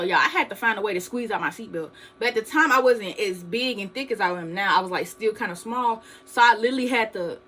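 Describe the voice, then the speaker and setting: A woman's voice: medium pitch, bright, forceful tone, rough recording. A young woman vlogger, animatedly telling a story to her viewers and calling them "y'all". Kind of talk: storytime vlog.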